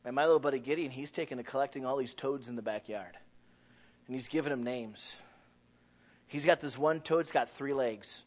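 A man preaching a sermon as pastor, animated and folksy, swelling loud and then dropping low. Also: a little fast. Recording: dull lo-fi recording.

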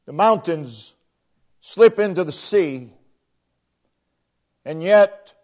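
A man preaching a sermon, slow and emphatic, his phrases often falling away to a quiet close. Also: a little high. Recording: dull lo-fi recording.

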